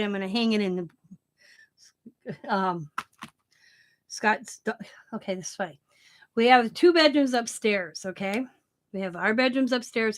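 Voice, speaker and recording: A middle-aged woman hosting a crafting channel, chatting casually, laughing often and breaking off to restart her sentences. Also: medium pitch.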